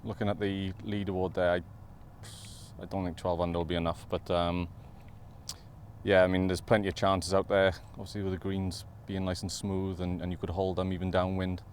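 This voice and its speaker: A man's voice: low-pitched, level tone, brisk, a little hiss or hum. A man, a professional golfer giving a hesitant, modest post-round interview outdoors. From Wales. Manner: hesitant, modest, full of fillers.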